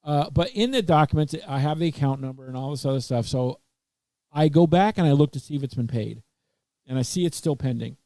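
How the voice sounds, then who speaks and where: Rambling, halting male webcast host. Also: on the high side, expressive, mellow, dry recording. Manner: rambling storyteller with many fillers and restarts. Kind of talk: casual chat. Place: Texas.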